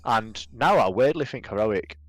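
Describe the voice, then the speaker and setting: Young British male podcast co-host, relaxed storyteller, dry close mic. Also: lowish voice, normal speed, dry recording, rough recording. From Britain. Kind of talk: casual podcast chat.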